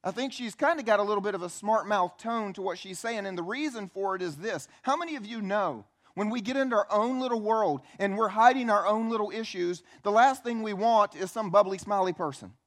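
A pastor preaches a sermon, telling the story in an animated, conversational way, acting out quotes and putting questions to the audience. His voice sits high, and he speaks a little fast with few pauses.

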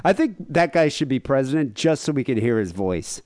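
A man's voice: mid-range voice, very animated, brisk, darkish tone, no room sound, clean studio sound. Podcast guy rambling along, lots of "like" and "you know", bouncy up and down voice. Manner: rambling, lots of fillers, jokey asides. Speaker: podcast co-host. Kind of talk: casual comedic chat.

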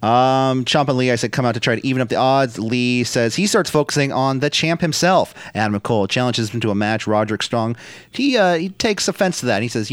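A man's voice: medium pitch, very animated, brisk, clean tone, dry recording. A man co-hosting a podcast, casually recapping wrestling matches, swearing and laughing now and then. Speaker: podcast co-host.

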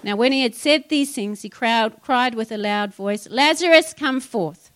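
Aussie lady pastor giving a sermon, chatty, kinda high voice. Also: moderate pace. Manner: conversational preaching, retelling scripture with asides.

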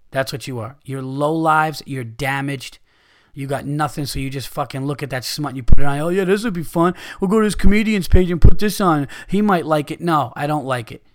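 A middle-aged man hosting a podcast, delivering a profane, angry rant with loud outbursts. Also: mid-range voice. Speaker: podcast host, comedian.

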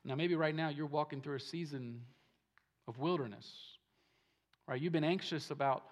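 A man's voice: a little high, normal speed. Emphatic man preaching a sermon. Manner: emphatic, repeats phrases, swings from soft to loud. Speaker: pastor. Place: church service.

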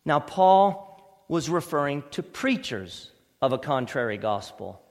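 A male pastor preaching with emphatic force, rising to loud stressed words and dropping to quiet low asides. His voice sits a little high for a man. It rings with a long church reverb and sometimes drifts off the mic. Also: very animated, measured pace. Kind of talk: sermon. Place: church sanctuary.

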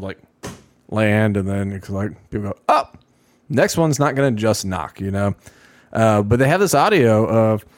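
Podcast co-host, male, low-pitched, dry. Rambling, acts out quotes loudly. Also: dry recording. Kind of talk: casual chat.

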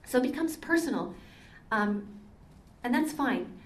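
A woman's voice: sits high, animated, a little slow. An older woman, a Catholic sister, giving a conversational talk full of stories and frequent ums. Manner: chatty, storytelling, frequent ums. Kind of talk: conversational lecture with anecdotes. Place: meeting hall. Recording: echoey hall, mic far off.

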